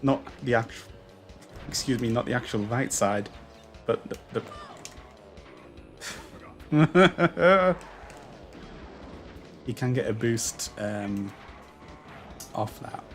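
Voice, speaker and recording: A man's voice: fairly low pitch, steady tone, measured pace, pauses often, soft background music. A man giving casual, self-deprecating commentary while playing a racing game, swearing and laughing at his own mistakes. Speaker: gaming YouTuber.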